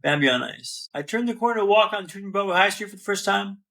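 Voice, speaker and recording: High-voiced man telling a story. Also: fast talker, bright, forceful tone. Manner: vivid, rhythmic storyteller who repeats phrases and calls the host "man". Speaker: podcast guest. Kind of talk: dramatic storytelling in an interview.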